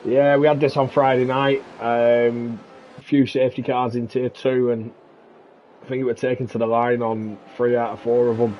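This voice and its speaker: A man's voice: medium pitch, level tone, moderate pace, highs cut off, a little hiss or hum. A man co-commentating a live sim race, chatty and laying out strategy and stats.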